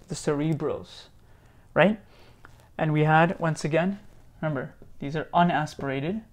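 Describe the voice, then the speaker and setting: A man from India teaching Sanskrit sounds, repeating each sound slowly and patiently. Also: fairly high pitch. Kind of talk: slow teaching, pronouncing sounds aloud.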